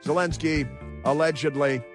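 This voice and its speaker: A man's voice: a little high, steady tone, normal speed, music in the background. A man hosting a political talk radio show, delivering a sarcastic, mocking monologue.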